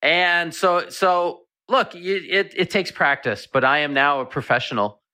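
A man's voice: fairly high pitch, a little slow, pushed and bright. A man, a veterinarian and author, chatting as a guest in a radio interview and telling animal stories. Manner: chatty storyteller, repeats words.

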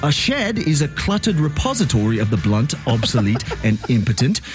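A man's voice: medium pitch, very animated, normal speed, soft background music, natural voice. A man voicing a pompous older king, formal and cutting. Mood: haughty. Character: haughty refined older British king. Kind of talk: comedy sketch impression.

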